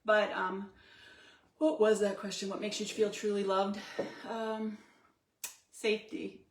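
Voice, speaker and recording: A woman's voice: mid-range voice, little pitch movement, takes it slowly. Chatty woman laughing in an echoey room. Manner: chatty, laughs often while telling stories. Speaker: co-host. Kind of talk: casual chat.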